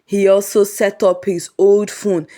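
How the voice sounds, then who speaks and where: A woman narrating a comic folk story in a lively, humorous way. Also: mid-range voice, measured pace.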